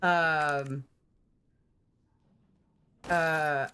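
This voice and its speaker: A woman's voice: low voice, fairly even intonation, drawn-out words, sharp tone, a little hiss or hum. A young woman, a stage actress and streamer, chatting casually on stream in a giggly, self-deprecating way.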